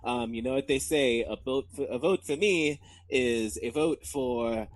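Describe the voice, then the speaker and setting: A man's voice: medium pitch, unhurried. A man in a tabletop game speaking as his rogue character, playful and swinging between gushing and dry remarks. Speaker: player voicing a rogue character.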